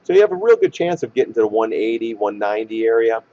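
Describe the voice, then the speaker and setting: Hoarse man talking stock charts. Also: fairly low pitch, quick pace. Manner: animated, blunt, trader slang. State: hoarse, losing voice. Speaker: stock market commentator. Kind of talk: chart analysis talk. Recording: dull lo-fi recording.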